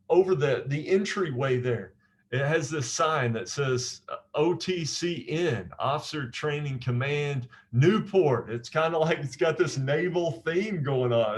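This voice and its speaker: His voice a little high, a man who is a naval officer walks listeners through a memory technique in a relaxed, chatty style, repeating phrases and often checking in with "right?".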